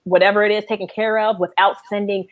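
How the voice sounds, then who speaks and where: A woman in recruiting talking in a casual chat on a video call, direct and opinionated and quick to push back. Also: medium pitch, little pitch movement.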